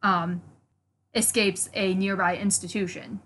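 A woman's voice: medium pitch, fairly even intonation, unhurried, fairly bright tone, slight background noise. A woman co-hosts a casual podcast and tells an urban legend. Her delivery is easygoing and conversational. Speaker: podcast co-host.

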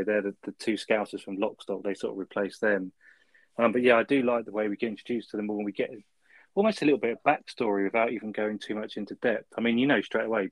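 A man's voice: lowish voice, no echo. A man co-hosting a casual film review, chuckling and ending lines with tag questions. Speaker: podcast co-host.

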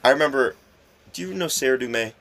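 A man's voice: mid-range voice, animated, fast, vocal fry, a bit bright. Easygoing man telling crude anecdotes. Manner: easygoing, swears casually while telling anecdotes. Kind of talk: casual comedic chat.

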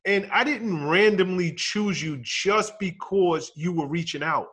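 A man hosting an interview, explaining things in a measured and deliberate way. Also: high voice, a bit bright, slightly rough. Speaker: podcast host and former music manager. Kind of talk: interview conversation.

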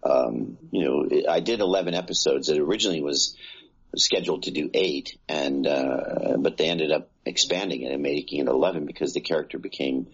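A man, an actor, telling stories in a relaxed interview, rambling with many fillers and restarts. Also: very deep voice, a little fast, husky, highs cut off. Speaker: actor guest. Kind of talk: casual interview chat.

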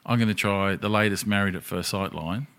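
A man's voice: lowish voice, brisk, fairly bright tone. A man, co-hosting a podcast and swapping crude stories in casual banter. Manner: blunt, storytelling, swears freely. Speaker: podcast co-host.

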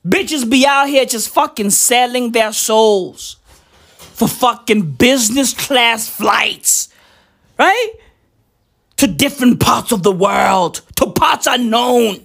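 A man rambles through a casual, profane rant in a strikingly high voice that swoops all over the place. He talks at an unhurried pace, then flares up into excited shouts. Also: gravelly.

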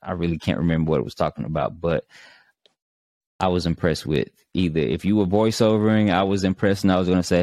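A very deep-voiced male host who asks questions in a loose, rambling way. His sentences wander and fill with hesitations. The recording is dry and close. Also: fast talker, darkish tone, no room sound. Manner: rambling, many fillers and trailing thoughts. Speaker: podcast host. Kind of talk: casual interview chat.

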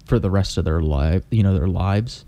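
A man with a low, dark, mellow voice talks casually as a podcast co-host. He hesitates often and fills pauses with "you know". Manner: halting, many fillers like "you know". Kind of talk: casual chat.

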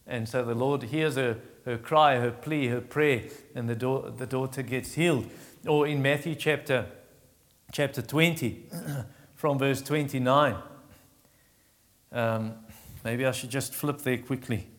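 A man's voice: steady tone, big-room sound. A man preaching a sermon, retelling Bible stories and acting out the characters' pleas, with frequent restarts. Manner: acts out Bible voices in a raised pitch, quiet and slow on comfort; halting restarts while teaching.

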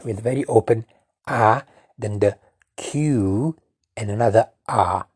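Italian-accented father, casual home lesson, slow and patient, husky warm tone. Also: fairly low pitch, no echo, studio quality. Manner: patient, repeats words slowly and coaxes the listener. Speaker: father teaching his daughter.

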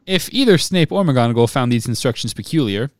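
Man, mid pitch, steady expressive book reading, dry close sound, podcast co-host. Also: no echo. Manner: steady expressive read-aloud, quick to laugh. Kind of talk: reading a novel aloud with chat.

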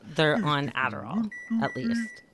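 A woman's voice: sits low, big pitch swings, slow, a crowd in the background. A woman co-hosting a podcast, chatting wryly and explaining topics in a casual way. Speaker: podcast co-host. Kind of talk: casual chat.

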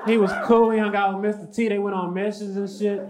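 A man performing a stand-up comedy routine on a club stage, with a dry, deadpan delivery. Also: high-pitched, fast. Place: comedy club stage before a live audience. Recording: noisy live stand-up recording.

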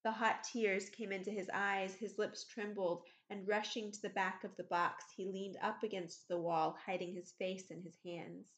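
A woman narrating a classic novel aloud in a measured, expressive reading. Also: medium pitch, echoey room. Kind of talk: audiobook reading. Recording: slightly muffled recording.

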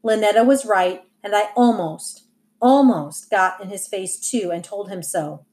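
A woman reads a first-person novel aloud in an even, unhurried storytelling voice. Her pitch sits in the middle of the usual range for a woman. Nothing is pushed; the telling stays plain and steady. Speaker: audiobook reader.

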